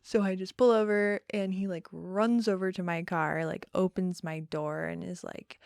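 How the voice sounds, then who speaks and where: A young woman in her twenties telling a personal story in a casual interview, soft-spoken with many pauses and ums. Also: medium pitch, steady tone, vocal fry, dry recording, studio quality. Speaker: podcast guest.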